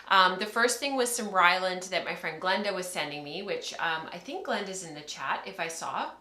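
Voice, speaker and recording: A woman in her thirties chats on a livestream from home, rambling along and laughing easily as she talks to the camera. Her voice is bright and clear, and the room around her adds a noticeable echo. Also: lowish voice. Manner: chatty, rambling, laughs often. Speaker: podcast host. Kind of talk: casual livestream chat.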